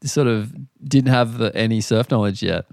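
Relaxed host, dry sound. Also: male voice, on the low side, normal speed, vocal fry, dry recording. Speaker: podcast host. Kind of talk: casual interview.

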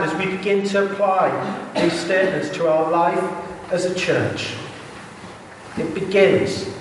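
A man preaching a sermon in a church, earnest and conversational with quick asides. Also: high-pitched. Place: church hall. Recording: echoey hall, heard from a distance.

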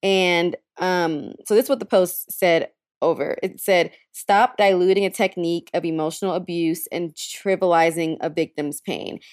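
Young woman, podcast host, frank and slangy, lowish voice, dry close sound. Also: normal speed, few pauses, no echo. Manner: frank and slangy, curses casually. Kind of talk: casual advice podcast talk.

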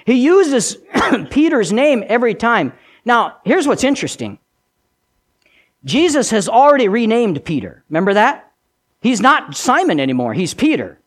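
A man preaching a sermon as pastor, animated and dramatic, acting out quoted voices. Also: very high-pitched, moderate pace.

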